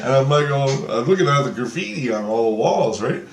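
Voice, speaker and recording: Man, rambling profane storyteller, middle pitch, echoey room, faint noise. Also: animated, fairly quick. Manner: profane, rambling, acts out quotes. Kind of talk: casual storytelling about a dream.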